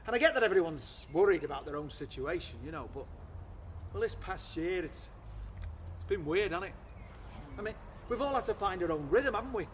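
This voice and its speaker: An actor with a St Helens accent playing a chatty, joking delivery driver bantering on a doorstep. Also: male voice, sits high, expressive, fairly quick, pauses often. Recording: outdoor performance with crowd noise.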